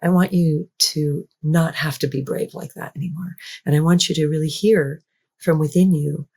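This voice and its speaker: A woman guest on an interview podcast, speaking in a gentle, affirming way and repeating phrases for emphasis. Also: sits low, steady tone, moderate pace, gravelly, slightly rough. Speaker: guest author.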